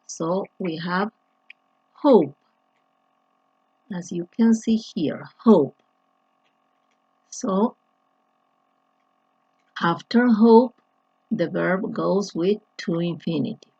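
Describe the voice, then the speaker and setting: A woman walks through an English grammar lesson at an unhurried pace, restarting phrases and filling pauses as she goes. Her voice is mellow and slightly husky. The recording is dull and lo-fi, with a dry, close sound. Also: fairly low pitch, dry recording. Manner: slow, deliberate, with frequent restarts and fillers. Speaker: English teacher.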